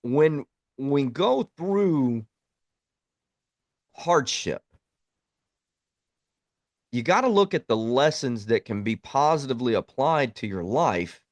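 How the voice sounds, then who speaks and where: Man, blunt plainspoken talk, mid-pitched voice, dry close sound. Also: no echo. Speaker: podcast host, Army veteran. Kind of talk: reflective monologue.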